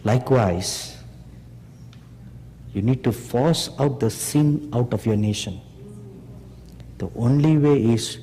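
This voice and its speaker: A man preaching a sermon slowly and emphatically, pressing the audience with rhetorical questions. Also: mid-range voice, dark tone, a little hiss or hum. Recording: long hall reverb.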